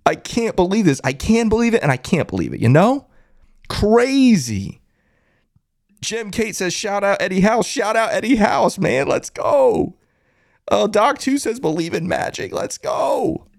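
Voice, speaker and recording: A man hosting a hyped postgame live stream, reading chat aloud and shouting with excitement. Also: high-pitched, moderate pace, vocal fry, dry recording, clean studio sound. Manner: excited, loud, shouting catchphrases. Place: closet at a family home.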